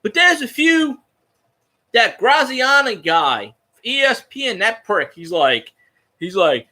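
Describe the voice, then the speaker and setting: High, bright-voiced ranting New man. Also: sing-song, slow pace. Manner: profane, heated ranting. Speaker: fan show host. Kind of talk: casual fan talk show.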